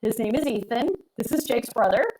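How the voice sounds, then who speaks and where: Middle-aged woman, astrologer co-host, rambly and emphatic, voice sits a bit high. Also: fairly quick, darkish tone, slightly rough, rough recording. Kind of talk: casual live-stream chat.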